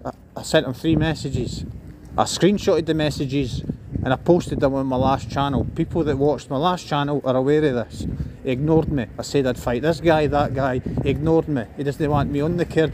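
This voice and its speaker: Chatty Scottish man walking his dog. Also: on the high side. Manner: chatty, teasing banter with his dog, swears freely. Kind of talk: casual live-stream chat. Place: outdoors on grass in a park.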